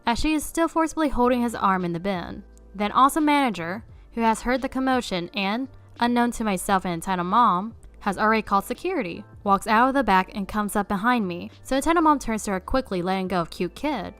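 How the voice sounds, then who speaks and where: A woman reading online stories aloud as a narrator in a steady storytelling way. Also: mid-range voice, brisk, hardly any pauses, smooth, faint music behind.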